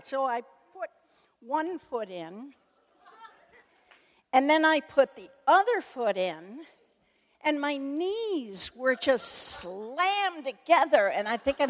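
An older woman spins a funny personal story for an audience, her voice swooping up and down with real liveliness. She talks slowly and laughs as she goes, and her voice rings out across a reverberant hall. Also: high voice. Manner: animated, laughing, self-interrupting. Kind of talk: humorous personal anecdote. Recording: echoey hall.

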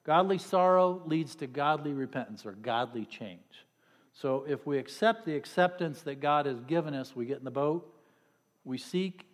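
A man's voice: on the high side, animated, normal speed. A middle-aged man preaching a sermon in a loose, conversational way, with sarcastic asides and jokes for the congregation. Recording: long reverb of a hall.

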